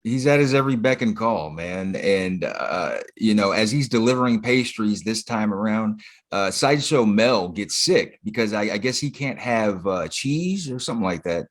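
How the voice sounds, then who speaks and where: A man co-hosting a podcast, recapping a cartoon episode in a relaxed, slangy way with lots of "uh" and "you know.". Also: on the low side, moderate pace. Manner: relaxed, slangy, filler-heavy. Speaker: podcast co-host.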